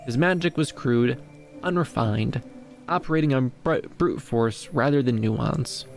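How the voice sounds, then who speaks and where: A man reading a fantasy story aloud in measured, even narration, sometimes restarting a word. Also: mid-range voice, gravelly, soft background music. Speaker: storyteller, streamer.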